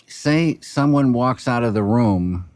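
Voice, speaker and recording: A film director speaking reflectively in an interview, halting and soft-spoken, with frequent restarts and trailing pauses. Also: male voice, medium pitch, lively intonation, no room sound, clean studio sound.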